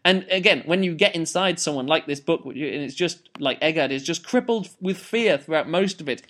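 A man's voice: on the high side, expressive, brisk, a bit bright. A man hosting a podcast, reviewing a book in a loose, rambling way with many fillers and restarts. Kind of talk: casual spoken review.

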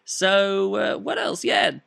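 Man, book review, casual chat, rambling, lots of ums, bright sound. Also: high voice, sing-song, slow, gravelly. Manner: rambling, hesitant, many fillers and restarts.

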